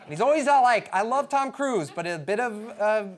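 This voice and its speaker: A man's voice: very high-pitched, a little fast, very noisy. Man in his 30s telling stand-up stories. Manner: animated, acts out quotes in sudden loud bursts. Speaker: stand-up comedian. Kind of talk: stand-up comedy storytelling. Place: comedy stage before a live audience.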